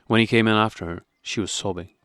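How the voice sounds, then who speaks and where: A male audiobook narrator reading a classic novel with measured, even delivery. His voice sits low. The recording is dry and close, with no room sound. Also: smooth, no echo.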